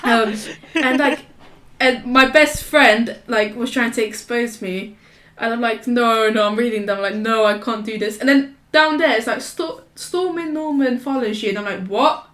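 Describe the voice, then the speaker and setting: A woman's voice: fairly high pitch, normal speed, fairly bright tone. A young woman, telling stories in a casual podcast chat, rambling, restarting and laughing often. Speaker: podcast co-host. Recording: roomy echo.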